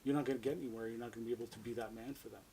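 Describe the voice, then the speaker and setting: A man's voice: mid-range voice, fairly even intonation, very fast, over a noisy crowd, rough recording. A man, a podcast guest, telling his life story candidly, swearing freely and often asking "right?". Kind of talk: casual storytelling interview.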